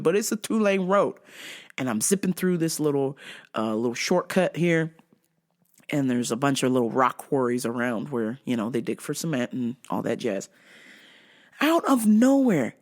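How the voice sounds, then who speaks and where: Animated swearing woman telling a story. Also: on the low side. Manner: animated, swears constantly, shouts out quoted lines. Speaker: vlogger. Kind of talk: profane comedic storytelling.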